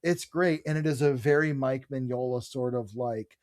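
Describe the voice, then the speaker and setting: A podcast co-host with a medium-pitched, somewhat dark voice talks at a moderate pace, recorded dry and at studio quality. He chats casually and eagerly about comic books, reading snippets of dialogue aloud.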